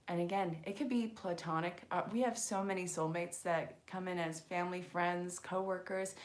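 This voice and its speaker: A woman with a fairly low voice runs a casual live stream as an angel card reader. She talks in an excited, chatty way, turns often to her viewers, and laughs easily.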